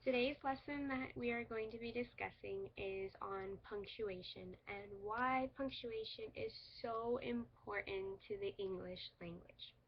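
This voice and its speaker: A young woman teaches an English lesson in a slightly high, husky voice. She explains things patiently and clearly, with light laughs now and then. The sound is dull and lo-fi, as if from a built-in camera mic. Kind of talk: recorded teaching demo.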